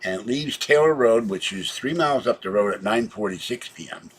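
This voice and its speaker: A man vlogging a meandering personal story in a chatty way, tired and low on energy, with sudden loud exclamations. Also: lively intonation, a little fast, breathy edge.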